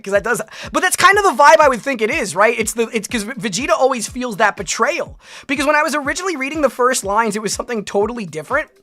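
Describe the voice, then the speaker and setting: Rambling streamer woman, bright voice. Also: on the high side. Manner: rambling, many "like" and "right?". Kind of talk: casual live-stream chat reacting with viewers.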